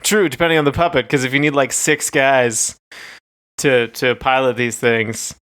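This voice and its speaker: A man's voice: medium pitch, fairly even intonation, normal speed, fairly bright tone, clear, resonant tone, no echo, clean studio sound. A man co-hosting a podcast, chatting casually and telling stories in a rambling, hesitant way full of fillers. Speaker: podcast co-host. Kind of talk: casual chat.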